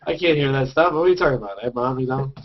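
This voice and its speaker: A man's voice: mid-range voice, animated, racing. A man hosting a casual group video chat, joking and rambling playfully over a webcam. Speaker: host. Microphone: webcam over video call. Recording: lo-fi video call audio.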